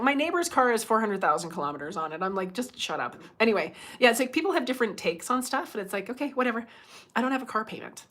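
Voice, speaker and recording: A chatty woman in her fifties, from Canada, talks straight to her livestream viewers. Her pitch sits in the usual middle range for a woman. She tells stories casually and acts out other people's lines in their voices. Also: a bit bright. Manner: chatty, acts out quoted people, laughs often. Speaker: medium and livestream host.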